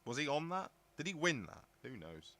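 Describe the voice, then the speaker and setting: A man's voice: on the high side, sing-song, normal speed, fairly bright tone. A middle-aged man from southern England chatting casually on a live stream, rambling and musing aloud as he answers comments from his viewers. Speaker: live stream host reading chat. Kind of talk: casual live-chat talk.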